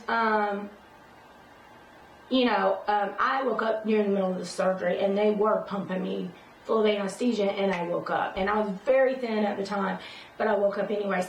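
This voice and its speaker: A woman's voice: medium pitch, gravelly, distant mic. A woman telling a personal story in a casual vlog, rambling with many fillers and restarts. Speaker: vlogger. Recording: roomy sound from away from the mic, faint noise.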